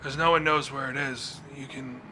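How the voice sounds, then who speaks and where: A man voicing an entranced, glassy-eyed man who recites secrets in a dazed, drawn-out way. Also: mid-range voice, fairly even intonation, bright, forceful tone, slight background noise, pitched above the performer's own voice.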